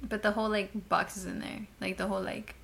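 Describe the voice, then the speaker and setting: A woman's voice: medium pitch, little pitch movement, fairly quick, vocal fry, fairly bright tone, breathy edge. A young woman co-hosting a podcast in casual chat, laughing easily and leaning on "like". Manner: laughs easily, frequent "like" fillers. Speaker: podcast co-host.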